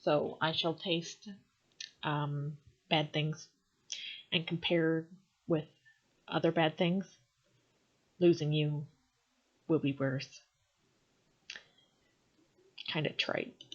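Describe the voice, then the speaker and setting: Husky-voiced woman reading sonnets wryly. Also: low-pitched, fairly even intonation, takes it slowly, long pauses. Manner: wry and self-mocking, laughs at herself. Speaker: vlogger. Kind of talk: reading sonnets aloud with casual commentary. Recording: dull lo-fi home recording.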